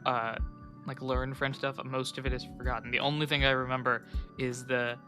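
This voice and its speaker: A man's voice: mid-range voice, little pitch movement, moderate pace, over music. A man hosting a casual podcast chat, joking and laughing with his co-hosts. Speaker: podcast host.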